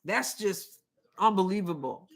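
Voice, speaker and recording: A medium-pitched, expressive woman speaks a little slowly, reacting live to a basketball game she's hosting a watch party for. She exclaims emotionally and sounds indignant about calls as play unfolds.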